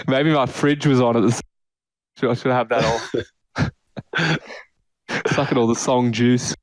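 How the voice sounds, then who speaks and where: A man's voice: medium pitch, steady tone, slow, no echo. A young man co-hosting a casual podcast, rambling and laughing often, with the odd swear word. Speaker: podcast co-host. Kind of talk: casual chat.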